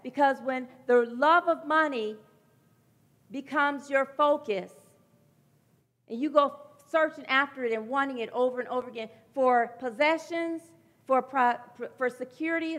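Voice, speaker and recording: A woman with a high, light voice delivers a heartfelt sermon. She is middle-aged and speaks earnestly and reflectively, sometimes pausing and restarting, her voice near tears. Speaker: preacher.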